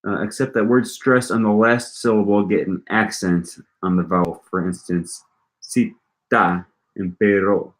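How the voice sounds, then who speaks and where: Young man, very low voice; casual live-stream study talk, thinks aloud, repeats sounds. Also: fairly even intonation, unhurried. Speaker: language-learning streamer.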